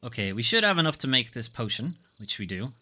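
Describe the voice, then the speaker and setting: A man's voice: mid-range voice, big pitch swings, fast talker, bright, forceful tone. A man streaming a video game, offhand and casual, muttering asides as he reads item descriptions aloud. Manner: offhand, muttering asides between read-outs. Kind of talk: casual gameplay commentary, reading game text aloud.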